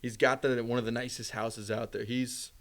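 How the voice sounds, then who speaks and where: A man co-hosting a casual sports podcast, talking fast, repeating himself and jumping up in pitch when he gets worked up. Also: flat delivery. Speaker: podcast co-host.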